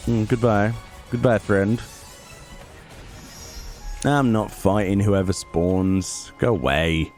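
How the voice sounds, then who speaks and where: A man's voice: fairly low pitch, takes it slowly, pauses often, darkish tone. A man giving casual let's play commentary, grumbling and sarcastic as he plays. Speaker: gaming YouTuber. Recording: game music playing under the voice. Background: game music.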